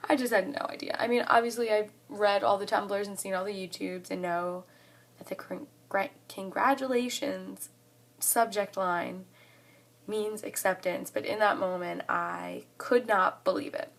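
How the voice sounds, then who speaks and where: A young woman in her twenties telling a story to the camera in a casual vlog, excited and chatty, saying "like" often. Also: medium pitch, a little slow, gravelly. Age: 20s. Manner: excited and chatty, heavy use of "like". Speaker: college student vlogger.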